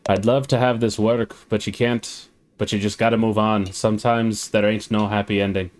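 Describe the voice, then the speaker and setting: A man's voice: lowish voice, little pitch movement, normal speed, noisy background, close to an everyday voice. A man voicing a gloomy, self-pitying male crab drifter in a mock Scottish sailor accent, melodramatic. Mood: brooding.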